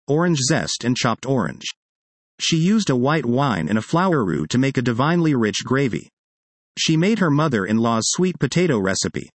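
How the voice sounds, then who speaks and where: Guy reading an article out loud, lots of ups and downs in his voice, dry close sound. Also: medium pitch, no echo. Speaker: reader of a magazine article. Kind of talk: read-aloud first-person article.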